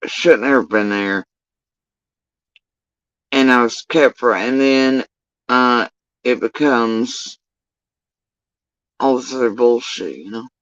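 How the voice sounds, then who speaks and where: A man's voice: medium pitch, slow pace, pauses often, a bit bright, dry recording, highs cut off. A man telling a long story in a casual commentary rant, profane, rambling and exasperated.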